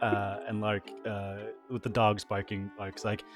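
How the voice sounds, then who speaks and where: A man's voice: on the low side, little pitch movement, unhurried, soft background music. A man playing in a tabletop game, casually describing his character in a rambling way full of fillers. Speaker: player. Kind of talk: casual chat.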